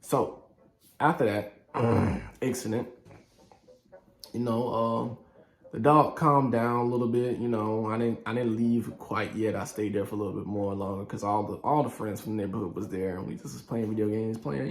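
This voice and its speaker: A man telling a story from his youth in a casual vlog, animated and slangy, acting out the scenes. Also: medium pitch, gravelly. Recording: echoey room with faint music.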